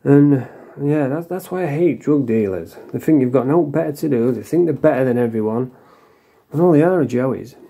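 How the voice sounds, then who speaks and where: A man's voice: medium pitch, normal speed, gravelly, dark tone, slightly rough. A man telling a personal story to camera in a blunt, sweary, frank way. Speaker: vlogger. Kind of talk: casual storytelling monologue.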